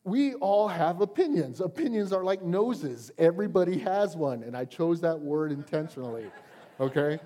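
Preaching in a church sanctuary, this male pastor sounds a little high, warm and animated, at a normal speed. His sermon is conversational, with repeated calls of "Amen?" to the congregation.

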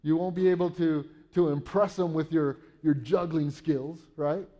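A man's voice: fairly high pitch, fairly even intonation, normal speed, dark tone, dull audio. A man preaching a sermon, reading Bible verses and explaining them in a conversational way, often checking in with "right?". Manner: reads Bible verses aloud, then paraphrases them.

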